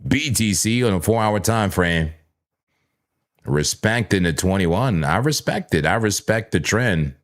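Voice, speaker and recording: Deep-voiced man hosting a chatty trading stream. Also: expressive. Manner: playful, chatty, talks straight to chat viewers; repeats words, quick self-corrections. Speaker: livestream crypto trading host. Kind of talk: casual live chart commentary.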